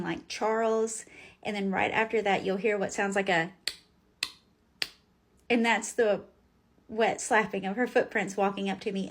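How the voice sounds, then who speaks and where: A woman telling ghost stories to her viewers in a chatty, animated way. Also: medium pitch. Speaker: ghost story vlogger. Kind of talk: casual storytelling to camera.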